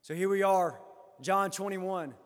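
High-voiced preacher in a reverberant hall. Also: male voice, a little slow. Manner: swells loud on quoted scripture, drops low on comments. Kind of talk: sermon.

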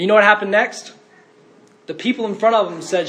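A man's voice: sits high, fairly quick, pauses often, a bit bright. A man preaching a sermon in an earnest way, rising to fervent cries when quoting.

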